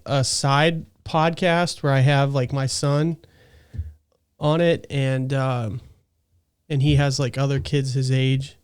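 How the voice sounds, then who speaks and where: Smooth-voiced chatty man. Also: mid-range voice. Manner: rambling, chatty, laughs easily. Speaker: podcast host. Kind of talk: casual podcast chat.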